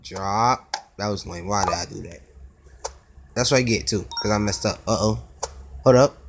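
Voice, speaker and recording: Casually commenting on a mobile game, a male gaming YouTuber with a lowish voice is quick to cry out and groan at each try. The phone recording picks up noticeable background noise along with tapping clicks.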